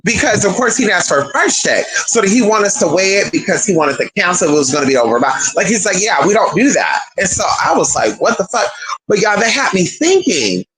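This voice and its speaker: Animated, profane livestream talker. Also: mid-range voice, a little fast, crowd noise, poor audio. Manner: animated, profane, chatty, addresses viewers as y'all and girl. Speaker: streamer. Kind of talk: casual spiritual monologue.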